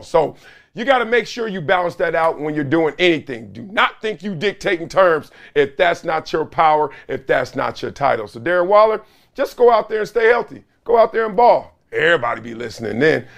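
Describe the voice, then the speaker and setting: On his solo sports commentary show, a middle-aged man with a hoarse voice on the high side sounds animated and sarcastic, breaking into loud whoops.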